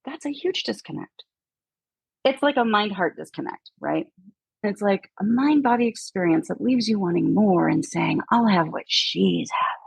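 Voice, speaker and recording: A woman chatting casually as a guest, telling animated stories and mimicking people in hushed voices. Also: mid-range voice, moderate pace, vocal fry, slightly rough, dry recording, low-quality recording. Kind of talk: casual chat.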